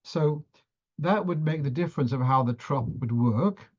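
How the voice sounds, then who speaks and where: A man's voice: on the high side, moderate pace, highs cut off. A man teaching a class on the cantillation of Torah readings, who often restarts phrases as he explains and sometimes chants verses.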